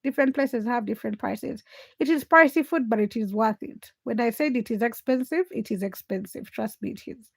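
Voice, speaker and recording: A woman from Uganda hosts a casual livestream, telling stories with animation and answering her viewers' comments. Her voice sits fairly high. The sound is dry and close. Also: brisk, creaky, no echo. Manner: animated storytelling, reads viewer comments aloud. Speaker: livestream host.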